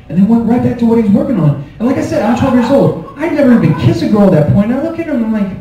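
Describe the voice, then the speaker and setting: A man doing a stand-up comedy set, telling stories in an animated way and acting out the scenes. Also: high-pitched, racing, few pauses, heavy reverb, distant mic, muffled recording, a little hiss or hum.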